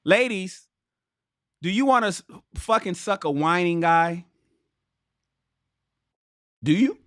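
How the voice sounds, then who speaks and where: In a high voice at a slow pace, a livestream host reads from a relationship book, the studio sound clean with no room noise. He repeatedly stops to deliver blunt, profane, emphatic commentary, talking animatedly straight to chat.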